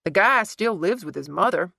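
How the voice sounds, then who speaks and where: A woman's voice: mid-range voice, very animated, moderate pace, a bit bright, no echo, studio quality, voice pushed up. A woman doing a flippant, mocking man. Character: teasing sardonic adult man, card-playing friend.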